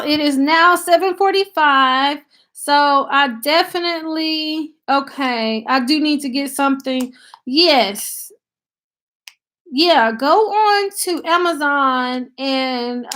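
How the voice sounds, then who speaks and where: A Tennessee woman with a Southern country accent hosts a live stream from her laptop, chatting casually and thanking viewers by name. Her voice is high and a bit bright.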